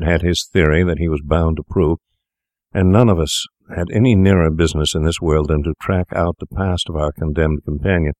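Very deep-voiced male audiobook narrator. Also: darkish tone, no room sound, studio quality. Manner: measured, storytelling delivery. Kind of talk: scripted narration of a classic tale.

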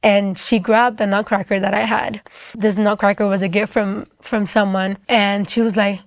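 A young woman recounts a personal testimony in a chatty, fast way, filling her sentences with "like." Her voice is mid-pitched, and the recording is dry and close. The delivery is casual and conversational throughout. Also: flat delivery, no room sound. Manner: quick, chatty, full of "like" fillers. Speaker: storyteller sharing a personal faith testimony.

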